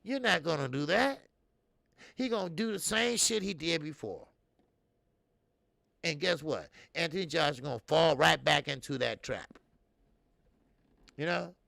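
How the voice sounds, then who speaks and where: A man's voice: on the high side, lively intonation, measured pace, vocal fry, pauses often, fairly bright tone, no echo, clean studio sound. A man hosting a boxing talk show, rambling and swearing freely while he answers viewer comments. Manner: loose, profane and rambling, with many fillers. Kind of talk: casual live-stream commentary.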